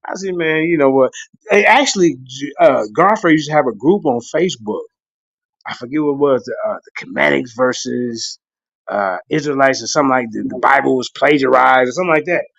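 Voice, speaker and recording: A man chatting casually as a guest on a livestream, rambling, laughing often and slipping into excited high voices when he quotes himself. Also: brisk, gravelly, no echo. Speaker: guest on a livestream talk show. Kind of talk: casual chat. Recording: dull lo-fi stream audio.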